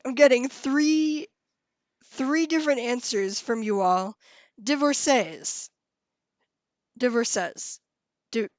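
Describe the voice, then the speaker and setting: A woman's voice: on the high side, no echo. A woman hosting a live stream, chatting casually and giggling as she reads viewers' comments.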